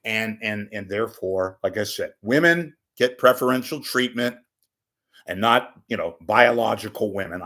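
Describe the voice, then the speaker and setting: A man's voice: on the low side, a bit bright. A man hosting a call-in show, talking in a casual, rambling monologue that is blunt, profane and full of wisecracks.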